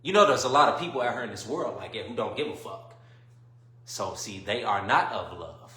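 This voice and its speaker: A man hosting a livestream and delivering an emphatic, preachy monologue, often checking whether listeners follow him and swinging between quiet musing and loud bursts. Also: fairly low pitch, lively intonation, brisk, roomy sound. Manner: emphatic, keeps asking "you see what I'm saying". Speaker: livestream host.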